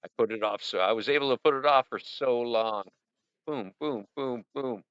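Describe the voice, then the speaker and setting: A middle-aged man hosting a casual livestream, rambling and upbeat as he chats to viewers and keeps punctuating with "boom". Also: normal speed, smooth, dry recording. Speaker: livestream host. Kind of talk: casual livestream chat reviewing viewer art. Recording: dull lo-fi stream audio.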